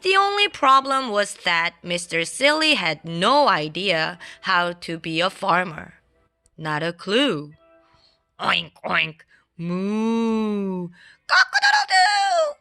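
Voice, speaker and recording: A woman reading a children's storybook aloud in a playful, expressive way. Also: on the low side, slow. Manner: playful and expressive, adds sound effects. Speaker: storybook reader. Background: faint classical background music.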